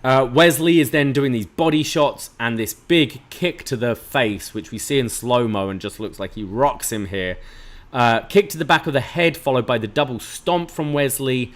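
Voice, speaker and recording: A man in easy conversation, narrating a wrestling match step by step with plenty of ums and uhs. His voice sits. The delivery is steady, like an informal recap among friends. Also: mid-range voice, moderate pace. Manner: play-by-play retelling with fillers. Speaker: podcast co-host.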